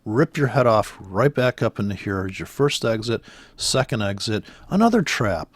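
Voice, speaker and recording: A man's voice: lowish voice, sing-song, moderate pace, no echo. A man giving profane, sarcastic, exasperated commentary on trading charts while scrolling through them. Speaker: trader commenting on price charts.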